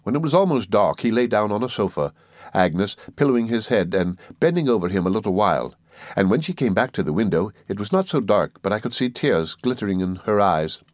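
Male audiobook narrator, low voice, measured and earnest, dry close sound. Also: sing-song, dry recording. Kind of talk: scripted narration.

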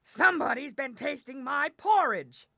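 A woman growling as a big gruff bear. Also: high voice, expressive, moderate pace, a bit bright, dry recording, clean studio sound, voice pushed up, heavily acted. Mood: indignant.

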